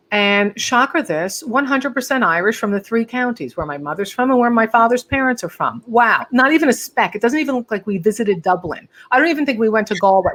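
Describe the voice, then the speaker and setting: A woman hosting an interview, chatty and quick to laugh, reading out comments from viewers. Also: mid-range voice, fairly bright tone. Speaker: podcast host. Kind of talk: casual interview chat.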